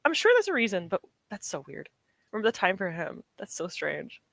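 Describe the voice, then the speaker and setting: A woman's voice: mid-range voice, very animated, brisk, vocal fry, fairly bright tone, no room sound. A young woman from the UK chatting casually with her stream chat, rambling, laughing often and correcting herself. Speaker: streamer reading chat comments.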